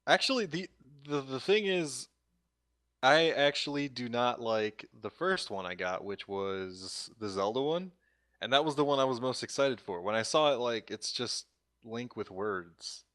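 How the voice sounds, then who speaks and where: A man's voice: mid-range voice, animated, a little slow, fairly bright tone. A young man co-hosting a podcast, telling joking anecdotes in casual chat and laughing often. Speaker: podcast co-host.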